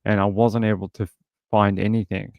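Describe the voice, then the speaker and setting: A man's voice: lowish voice, flat delivery, fairly quick, creaky, a little mellow, dry recording. A man hosting a casual true crime livestream, talking bluntly in run-on bursts full of fillers.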